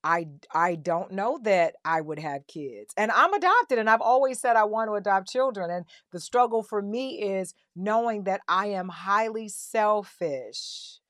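A middle-aged woman interviewing a guest in casual conversation, telling animated stories and acting out the people she quotes. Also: mid-range voice, unhurried, hardly any pauses, no echo, clean studio sound. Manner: animated storyteller, breaks into voices when quoting.

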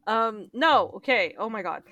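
A young woman podcast co-host telling an animated story in casual chat, swearing freely. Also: on the high side, a little slow, lo-fi sound. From Palestinian Arab family.

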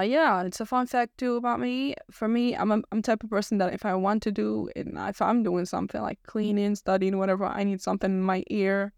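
A woman's voice: mid-range voice, darkish tone, clean tone, no room sound, clean studio sound. A young woman hosting her own podcast, chatting casually in a rambling way with many fillers and restarts. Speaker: podcast host. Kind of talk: casual solo podcast chat.

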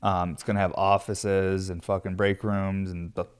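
A man's voice: sits low, level tone, normal speed, smooth. A stressed man talking candidly in a casual vlog, rambling with lots of fillers and swearing freely. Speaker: glass studio owner.

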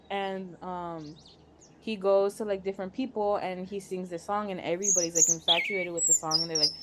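A woman's voice: on the low side, fairly even intonation, normal speed, a bit bright, a little hiss or hum. A young woman, co-host of a podcast, casually retelling a tale with lots of filler words. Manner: chatty, filler-heavy retelling. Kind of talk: casual storytelling.

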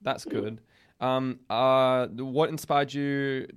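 A man's voice: medium pitch, fairly even intonation, extremely slow, clean tone. A young man hosting a podcast in casual, joking chat, teasing and laughing often. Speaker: podcast host.

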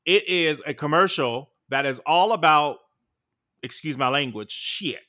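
A man dishes in casual podcast chat with a sassy, animated delivery. His voice is bright and forceful and sits a little high. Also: measured pace. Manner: sassy and animated, calling people heifers. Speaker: podcast co-host.

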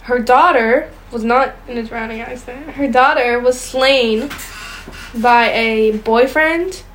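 A woman's voice: on the high side, takes it slowly, a bit bright, a little hiss or hum, low-quality recording. A young woman co-hosting a casual chat show, reading ghost stories aloud and stumbling over words now and then. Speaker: podcast co-host.

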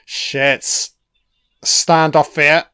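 Slow-talking, foul-mouthed man reacting to a film. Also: fairly high pitch, level tone, bright, forceful tone, clear, resonant tone, no room sound, clean studio sound. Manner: swears constantly, cheers at the screen. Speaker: film commentator. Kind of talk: casual profane film reaction commentary.

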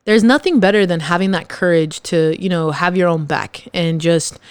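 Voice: mid-range voice, normal speed, smooth, no room sound. A podcast host giving a casual motivational monologue, speaking straight to the listeners and repeating phrases for punch. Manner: addresses listeners directly.

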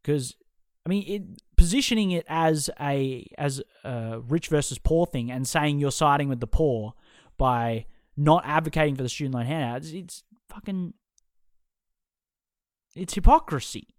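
A man's voice: on the high side, normal speed, no echo, studio quality. A young man hosting a podcast, ranting heatedly and swearing constantly as he picks apart someone's opinions. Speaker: podcast host. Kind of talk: casual podcast rant.

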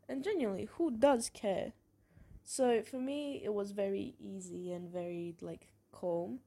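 A woman's voice: medium pitch, unhurried, creaky, slight background noise. Frank young woman telling stories. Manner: frank, expressive storytelling with swearing and laughs. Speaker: podcast host. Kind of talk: candid personal monologue.

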